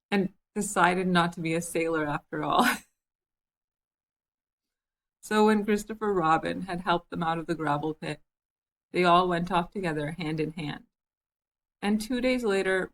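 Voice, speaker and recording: A woman reading a children's book aloud in a gentle, amused way. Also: on the low side, rough recording. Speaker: storybook reader.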